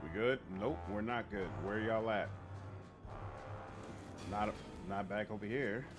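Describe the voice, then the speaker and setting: A man's voice: lowish voice, slow, music in the background. A man casually commenting on his game while chatting with viewers on a livestream. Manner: chatty, greets chat, reacts aloud while playing. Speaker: streamer.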